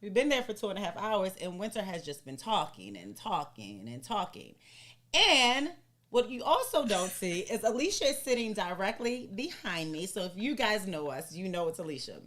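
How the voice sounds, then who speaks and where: A woman co-hosting a podcast, telling a story in a blunt, profane, animated way. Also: mid-range voice, moderate pace. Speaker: podcast co-host. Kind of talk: casual podcast chat.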